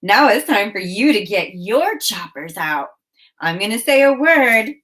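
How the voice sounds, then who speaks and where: Woman teacher, children's phonics lesson, unhurried delivery, carefully enunciated words. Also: mid-range voice, animated, fairly bright tone. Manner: slow, clearly enunciated, encouraging prompts.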